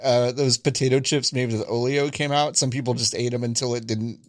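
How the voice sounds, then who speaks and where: A podcast co-host chatting casually, laughing often and reacting with disbelief, voice a little rough. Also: mid-range voice, fairly quick. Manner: laughs often, animated and incredulous. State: voice roughened from eating oil. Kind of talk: casual chat.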